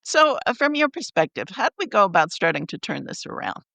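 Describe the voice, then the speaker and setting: A woman's voice: medium pitch, big pitch swings, a little fast, creaky, sharp tone, no echo. A woman hosting an interview, asking questions with some restarts and short agreeing sounds. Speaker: interview host.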